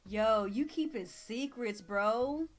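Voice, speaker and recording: A tired woman in her thirties with a Texas drawl chats casually on a live stream, slangy and laid-back, reading the chat aloud. Her voice is a little high and slow, with faint music behind her.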